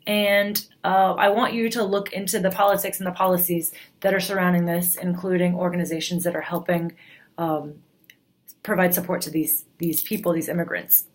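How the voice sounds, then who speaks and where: A woman's voice: on the low side, little pitch movement, moderate pace. A woman teacher explaining the week's class assignments in a plain, explanatory way with frequent fillers. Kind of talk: recorded class announcement.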